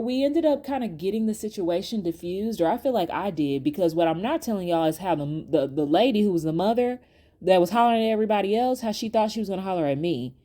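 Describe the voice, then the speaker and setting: A woman hosts her own podcast and tells a personal story straight to her listeners. She talks in a chatty, animated way and laughs often. Her voice is mellow and warm, pitched in a middle range. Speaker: podcast host. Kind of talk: casual storytime to viewers.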